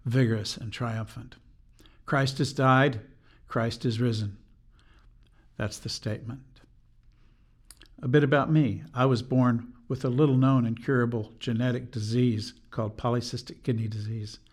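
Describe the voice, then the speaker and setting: An older man giving a measured, earnest personal testimony as a podcast guest, slowing down for quoted lines. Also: mid-range voice, little pitch movement.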